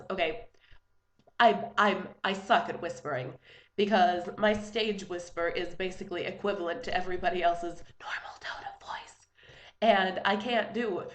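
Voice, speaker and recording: Young female vlogger, slight lisp, lingering cold; animated and exasperated, recorded in an echoey room. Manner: animated, exasperated, with big pitch jumps. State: stuffy from a fading cold. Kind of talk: casual ranting vlog.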